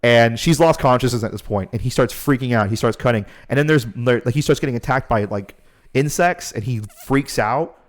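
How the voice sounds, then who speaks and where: A man on a podcast telling a story in a loose, animated way and swearing often. His voice sits at a middle pitch, with nothing unusual in its tone. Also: a little fast. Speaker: podcast host. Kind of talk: casual chat.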